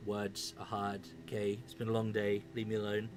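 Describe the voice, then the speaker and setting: A man's voice: on the low side, completely flat delivery, moderate pace, a little hiss or hum. A man narrating as game master of a tabletop game, laid-back and self-mocking, sometimes tripping over his words.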